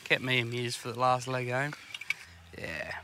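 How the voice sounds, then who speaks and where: A man's voice: medium pitch, flat delivery, measured pace, pushed and bright, a little hiss or hum. An Australian man hosting a fishing podcast from a boat, bluntly swearing his way through rambling stories. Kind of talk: casual banter while fishing. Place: outdoors on a boat on a river. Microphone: portable recording equipment on the boat.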